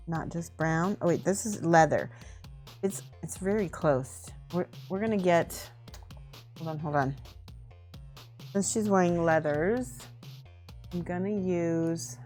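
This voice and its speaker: A woman chatting casually on a livestream while painting miniatures, giggling often and thinking aloud. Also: fairly low pitch.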